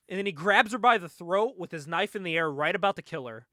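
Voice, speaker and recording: A young man in casual conversation, excitedly recapping a comic book, laughing often and acting out the lines. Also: high-pitched, fairly quick, dry recording, clean studio sound. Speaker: podcast co-host.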